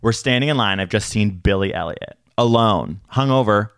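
A man's voice: fairly low pitch, normal speed, gravelly, smooth, no room sound, studio quality. A young man co-hosting a podcast in casual chat, joking and teasing, telling stories with lots of energy. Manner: joking, teasing, animated storytelling. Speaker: podcast co-host.

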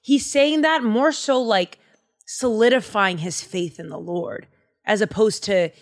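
A woman co-hosting a casual podcast, retelling a Bible story in slangy everyday speech. She is animated and acts out the characters' lines as she talks. Her voice sits at a middle pitch. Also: a little slow. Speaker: podcast co-host.

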